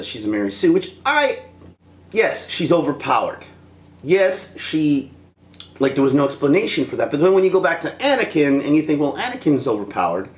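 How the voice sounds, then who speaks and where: A man's voice: mid-range voice, roomy sound. A man giving a rambling, casual film review, laughing often and slipping into impressions.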